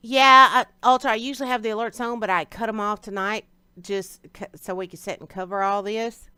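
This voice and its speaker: A woman's voice: medium pitch, steady tone, brisk, pushed and bright, smooth, no echo, studio quality. A woman hosting a live stream in a casual, chatty way, greeting viewers by name and answering them directly. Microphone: streaming setup.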